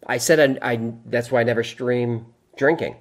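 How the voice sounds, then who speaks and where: At a moderate pace and with fairly even intonation, a medium-pitched male host works through viewer comments on a casual livestream. He goes off on dry, meandering tangents and often breaks into laughter at his own humor.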